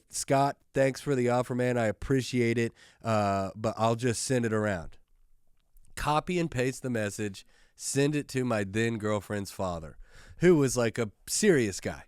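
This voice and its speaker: Smooth low-voiced man telling jokey stories. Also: no echo, studio quality. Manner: animated, jokey, loose and profane, with many restarts. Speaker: podcast host. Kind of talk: casual storytelling chat.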